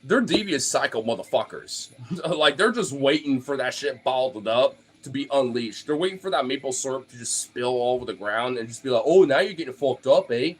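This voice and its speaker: A man's voice: mid-range voice, brisk, fairly bright tone. Man ranting casually, profane and loose. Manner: profane, loose, filler-heavy with frequent laughs. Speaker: streamer talking to followers. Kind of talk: casual rambling rant.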